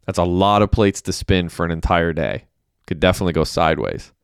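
A man's voice: low voice, fairly quick, vocal fry, smooth, no echo. A man reading aloud and voicing an awkward young man who talks in a dry, joking way.

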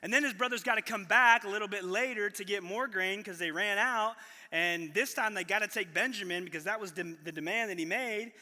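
Pastor, male, high and bright; casual energetic sermon delivery, reverberant hall. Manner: casual, energetic preaching with slang and quick restarts. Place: church hall.

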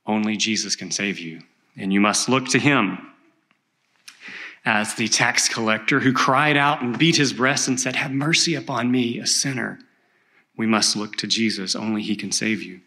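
A man preaching a sermon as pastor of a church, earnest and measured as he tells a story. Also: lowish voice, sharp tone.

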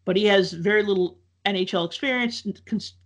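A man's voice: high voice, a little fast, a bit bright. A man telling a long casual story, full of likes, ums and restarts. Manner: rambling, filler-heavy with many likes and ums.

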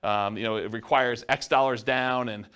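A man's voice: medium pitch, steady tone, moderate pace, fairly bright tone, clean tone. A middle-aged man giving a casual, rambling classroom lecture on real estate investing to a live audience. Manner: casual, rambling, self-described introvert. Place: meeting room with a live audience.

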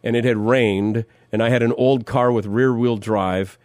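A man from Minnesota co-hosts a morning radio show and tells a story in a wry, easygoing way. His voice sits at an ordinary middle pitch. It is heard on a close studio mic in a dry room. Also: steady tone, normal speed, a little mellow, dry recording. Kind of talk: casual on-air banter and storytelling. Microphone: studio microphone.

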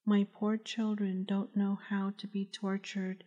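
A woman reading the lines of a grief-stricken young mother, hoarse from crying and speaking in a loud whisper. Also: mid-range voice, flat delivery, slow pace, highs cut off. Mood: grieving.

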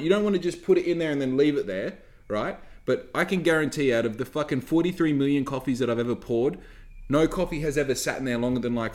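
Male vlogger, heated sweary rant, voice sits a touch high. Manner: heated, sweary, rhetorical questions. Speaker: content creator, former barista. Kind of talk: ranting monologue to camera.

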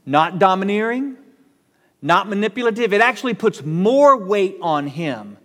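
Man, pastor, sermon, emphatic, lively pitch, long reverb. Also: a little slow. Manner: animated, conversational, emphatic.

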